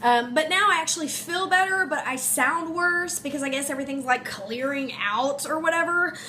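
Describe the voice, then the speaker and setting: A young woman, a teacher, talking in an emotional, halting way full of ums and likes, her voice congested as she recovers from illness. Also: high voice, sharp tone. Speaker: teacher and vlogger. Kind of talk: emotional personal vlog to camera. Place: home room. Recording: faint room noise, space heater hum.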